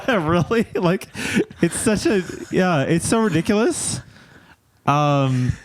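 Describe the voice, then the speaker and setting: A man's voice: high voice, sing-song, very slow, no room sound. A man co-hosting a podcast, playful and teasing, rambling in casual chat. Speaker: podcast co-host.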